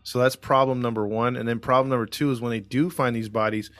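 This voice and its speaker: A man of middle pitch tells a case in a loose, rambling way, full of fillers and restarts. His voice is recorded dry and close. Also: steady tone, fast, dry recording. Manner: rambling, filler-heavy storytelling. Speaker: podcast host and case narrator. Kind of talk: casual true crime chat.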